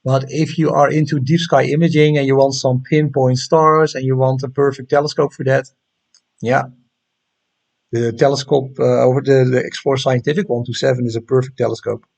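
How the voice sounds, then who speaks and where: A man's voice: medium pitch, steady tone, moderate pace, gravelly, a little mellow. A man with a Dutch accent hosting a casual astronomy livestream, chatting loosely with viewers and reading out their comments, with frequent fillers. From Netherlands. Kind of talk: casual live-stream chat.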